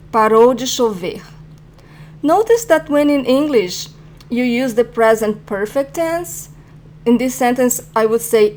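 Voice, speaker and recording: A woman's voice: a little high, slight background noise. Woman teaching a language lesson. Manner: clear, patient explaining, repeats example phrases slowly.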